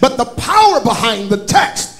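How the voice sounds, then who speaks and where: A man, a bishop, preaching a sermon at a church conference in a chanting, shouted cadence that drops to quiet teaching. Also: very high-pitched, very animated, moderate pace. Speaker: bishop and pastor. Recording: live church recording with faint music and crowd.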